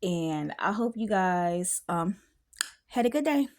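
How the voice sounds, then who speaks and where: A woman, giving an outspoken, animated casual reaction to a reality show and sometimes talking loudly. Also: fairly low pitch, slow. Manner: animated and outspoken, with frequent laughs and exclamations; loud at times. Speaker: reality TV reviewer.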